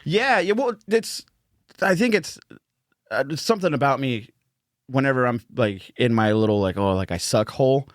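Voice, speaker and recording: A man who is a comedian, chatting on a podcast and telling animated stories with frequent laughter. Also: mid-range voice, moderate pace, no room sound, clean studio sound. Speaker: comedian guest. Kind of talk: casual podcast chat.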